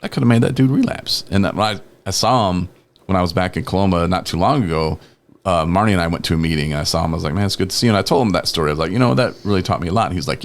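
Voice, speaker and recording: Rapid-fire and deep-voiced, a man on a recovery talk show in a podcast studio spins rambling stories. It's a casual, laughing chat, and he imitates other people's lines in lively voices.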